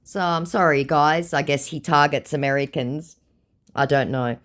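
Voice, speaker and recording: A woman hosting her channel, retelling a scammer chat in a sarcastic, expressive way. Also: low-pitched, normal speed. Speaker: channel host.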